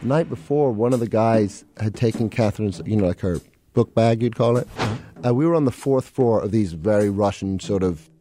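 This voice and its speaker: A man's voice: fairly low pitch, normal speed, dark tone, slight background noise. A man from England, a comedian guest, telling rambling self-mocking stories in a casual podcast interview. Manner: rambling, self-mocking anecdotes with frequent laughs.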